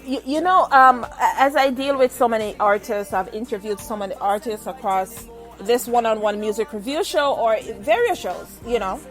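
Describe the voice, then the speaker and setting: A woman's voice: fairly high pitch, moderate pace, faint music behind. A middle-aged Jamaican woman with a Jamaican accent, hosting a casual interview and laughing often as she chats. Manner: laughs often, chatty and animated. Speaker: interview host.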